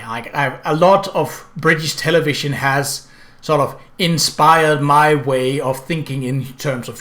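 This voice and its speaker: A man with a Danish accent talks through a video game in a loose, rambling way, full of "like" and "uh". His voice sits a little higher than most men's. He is a native Danish speaker chatting casually in English. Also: fairly bright tone. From Denmark. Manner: rambling, filler-heavy. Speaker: game commentator.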